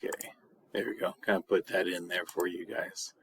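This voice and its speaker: A man teaching a recorded video lesson as a high school Spanish teacher, patient and repeating words slowly. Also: fairly even intonation, creaky, husky.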